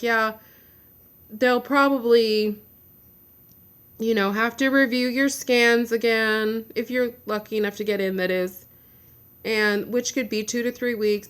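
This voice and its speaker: A woman's voice: fairly high pitch, fairly bright tone, clear, resonant tone. A woman giving a personal video update, venting in a frustrated, blunt rant with some swearing. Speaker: vlogger.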